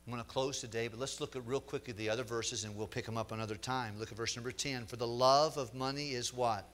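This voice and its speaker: A middle-aged man preaching a sermon as pastor, emphatic, repeating words and slowing down to stress a point. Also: mid-range voice, fairly bright tone, slight background noise.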